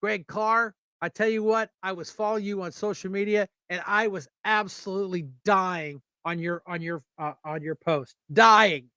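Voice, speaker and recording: A man's voice: high-pitched, fairly even intonation, normal speed, few pauses, bright, forceful tone, clear, resonant tone, no echo. A man hosting a casual political livestream, with an Erie, Pennsylvania accent, blunt and joking as he rambles. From United States. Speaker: show host.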